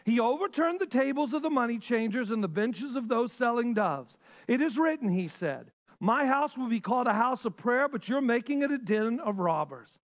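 A male pastor preaching a sermon with passion, swinging between loud bursts and hushed lines. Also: very high voice, expressive, normal speed.

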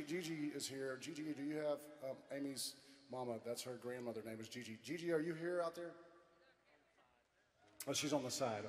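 A middle-aged man leads loud, playful stage banter as a band frontman, hoarse from losing his voice. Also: mid-range voice, a little hiss or hum. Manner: loud, playful crowd hype. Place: large outdoor stadium stage. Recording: echoey live arena with crowd.

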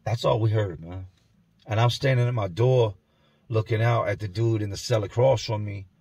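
A man telling a grim first-person story in a somber, intense way, often dropping to a hush, recorded indoors at home. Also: fairly low pitch, moderate pace, breathy edge, dry recording. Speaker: storyteller and channel host.

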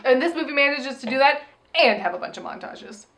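A woman co-hosting a casual film-review chat, animated, acting out the characters' lines in quick impressions. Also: sits high. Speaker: podcast co-host, film reviewer.

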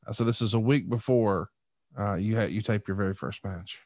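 A man's voice: fairly low pitch, brisk, very noisy. A man co-hosting a podcast who asks upbeat questions and sets up clips. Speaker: podcast co-host. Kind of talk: casual podcast chat.

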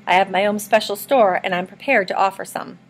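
A woman reading the lines of a courteous old male ship's cook with a soft, sweet manner, as she reads a novel aloud. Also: medium pitch, fairly even intonation, fairly quick, lightly acted.

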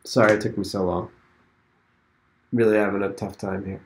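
A man's voice: lowish voice, little pitch movement, normal speed, slight background noise. Man thinking aloud. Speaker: host. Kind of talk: casual commentary while playing an online game.

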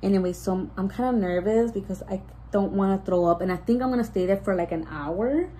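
A woman's voice: mid-range voice, fairly quick, warm tone, slight background noise, rough recording. A pregnant young woman chatting casually to her viewers, rambling with lots of "like" and restarts and slipping Spanish words in. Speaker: vlogger. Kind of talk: casual storytime chat.

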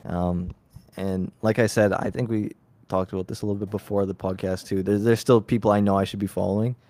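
A young adult rapper from Toronto, Canada, joins a casual podcast call as a guest, talking in an easygoing, laid-back and slightly hesitant way. His voice sits low and is mellow, and the recording is dry.

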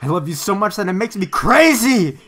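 A man voicing a stubborn, devoted young man in an anime dub, impassioned and shouting at times, with a lively voice. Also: high voice, fairly quick, exaggerated voice.

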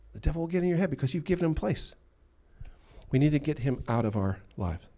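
A man's voice: a little high, big pitch swings, fast, dark tone. A male pastor delivering a sermon with emphatic delivery, acting out the voices he quotes. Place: church.

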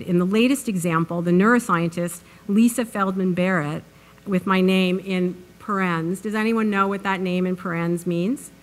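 Woman, mid-pitched voice, earnest lecture, lots of fillers and restarts, university hall, lecture mic. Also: a bit bright. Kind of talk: academic public lecture.

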